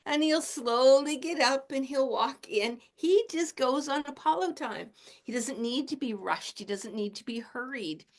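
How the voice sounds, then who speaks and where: Gentle lady in her late 60s chatting through a lesson, laughs a lot as she talks. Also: high-pitched, measured pace. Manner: gentle, chuckles often while talking. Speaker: shamanic teacher and animal communicator. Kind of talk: casual spoken teaching.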